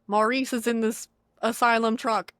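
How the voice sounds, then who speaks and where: A woman's voice: on the high side, flat delivery, moderate pace, fairly bright tone, no room sound, studio quality. A young woman co-hosting a podcast, recapping a film in casual chat, acting out the characters' lines and swearing freely. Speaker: podcast co-host.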